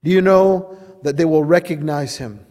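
A man's voice: a little high, moderate pace, dark tone, big-room sound. A male pastor preaching a sermon, teaching and putting questions to his listeners.

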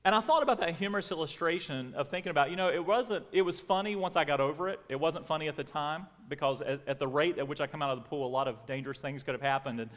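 A middle-aged pastor preaches from the pulpit, telling a personal story with animated energy. His voice sits a little high for a man. The sound carries a long reverb from the church hall. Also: fast talker, few pauses. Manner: animated storytelling, acts out family members in raised voice. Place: church sanctuary.

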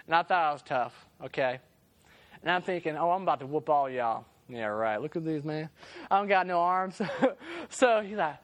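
Young guy preaching to a youth group, laughs a lot, swings from loud to hushed as he tells a story. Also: fairly high pitch, fairly quick. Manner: animated, laughing, acts out the voices in his story. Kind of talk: casual storytelling sermon.

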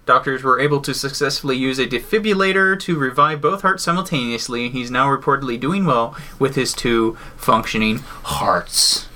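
A man's voice: mid-range voice, normal speed, hardly any pauses, sharp tone. A man co-hosting a casual podcast, reading news items aloud and riffing on them with jokes and swearing. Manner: jokey, swears, reads news then riffs. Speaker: podcast co-host.

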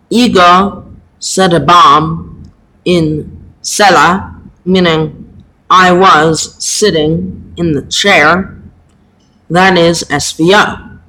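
Slow, halting man teaching Latin. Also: on the high side, fairly even intonation, bright, forceful tone, poor audio. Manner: halting and deliberate, lots of pauses and fillers. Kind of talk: slow home-made lesson.

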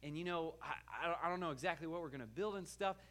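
A man voicing an eager young man who insists on buying a field, in a raised, excited voice during a sermon story. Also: a little high, quick pace, pitched above the performer's own voice.

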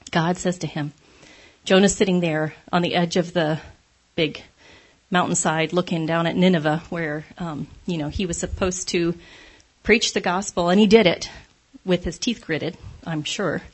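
A woman's voice: on the low side, steady tone, normal speed, slightly rough. A woman giving a conversational devotional talk, candid and self-deprecating, laughing often as she speaks.

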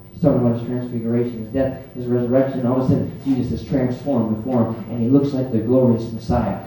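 A male preacher giving a sermon in a church, telling the story in a lively way and acting out scenes. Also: mid-range voice, fast talker, hardly any pauses, slight background noise. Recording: echoey hall, distant mic, faint music.

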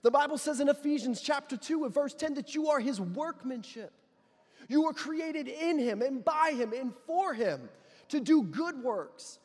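High-voiced impassioned male preacher. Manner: impassioned, builds to loud declarations with repeated phrases. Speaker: pastor. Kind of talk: sermon. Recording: long reverb of a large hall.

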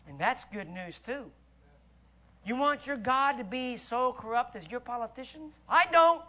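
A very high-pitched, expressive preacher delivers a rhetorical sermon in church at an unhurried pace. He alternates booming proclamations with quiet asides, and the recording's high frequencies are cut off.

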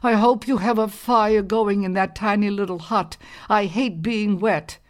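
A woman's voice: mid-range voice, steady tone, measured pace, voice pushed up, close to an everyday voice. A woman voicing a spoiled, rude young girl who grumbles and complains in a storybook. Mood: whiny.

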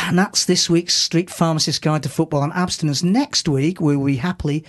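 A man's voice: a little high, fairly even intonation, a little fast, hardly any pauses. A man who is a regular contributor to a radio show, giving a sardonic comic segment and reciting a poem in a wry, rambling way.

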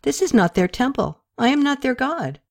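A woman's voice: high-pitched, big pitch swings, normal speed, dry recording, studio quality, voice pushed up, heavily acted. A woman reading the part of a young woman hailed as a goddess, asking pointed, exasperated questions in an audiobook. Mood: indignant.

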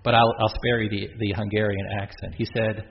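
A man's voice: lowish voice, level tone, fairly quick. A middle-aged man, a Catholic priest, giving a conversational sermon in a church, often breaking off for joking asides. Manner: chatty, self-interrupting, with joking asides. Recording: muffled lo-fi with faint hiss.

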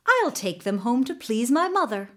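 A woman's voice: on the high side, sing-song, moderate pace, a bit bright. A woman voicing a kind-hearted young man in a storybook reading, eager and wide-eyed. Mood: pleased. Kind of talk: storybook narration.

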